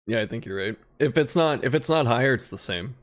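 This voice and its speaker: A man as a guest in a casual video game discussion, relaxed and laughing easily as he talks. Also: mid-range voice, a little fast. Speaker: guest content creator.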